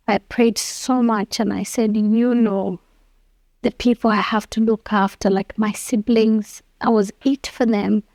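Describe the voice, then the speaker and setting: A woman's voice: on the high side, a little mellow, no echo. A woman in her fifties, an interview guest, telling her personal story earnestly and acting out the dialogue she quotes.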